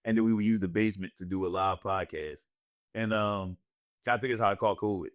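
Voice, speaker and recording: A man's voice: lowish voice, fairly quick. A young man, a comedian hosting a casual podcast, telling profane stories with bursts of put-on voices. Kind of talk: casual storytelling chat.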